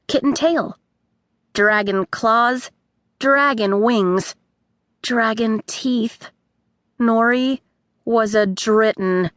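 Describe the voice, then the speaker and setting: Lady reading a kids audiobook, slow and expressive, high-ish voice, dry close sound. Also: no room sound. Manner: expressive storytelling. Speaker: audiobook narrator. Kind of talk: scripted audiobook narration.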